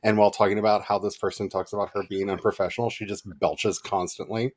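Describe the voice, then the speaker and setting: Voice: sits low, quick pace. A co-host in casual chat, telling stories with lots of giggling. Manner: giggly, animated storytelling.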